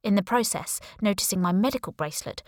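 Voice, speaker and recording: A woman's voice: mid-range voice, expressive, quick pace, dry recording, studio quality. Wry woman narrating an audiobook. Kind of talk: first-person audiobook narration.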